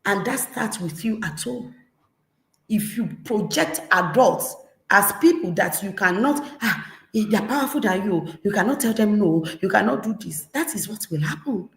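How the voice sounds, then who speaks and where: A woman with a Nigerian accent, a parenting coach giving a lively talk and acting out scolding parents. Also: mid-range voice, normal speed. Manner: animated, acts out scolding parents. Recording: echoey room.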